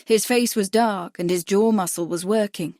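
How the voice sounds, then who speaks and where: A woman narrating an audiobook mystery in a measured, even reading, close to the mic. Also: medium pitch, dry recording. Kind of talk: scripted narration.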